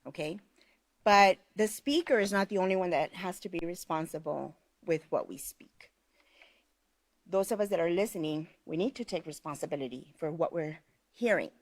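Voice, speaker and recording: A woman's voice: lowish voice, no room sound. Woman, teacher trainer, conversational, storytelling, dry close sound. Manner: conversational, frequent "okay?" check-ins, storytelling. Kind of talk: live online class instruction.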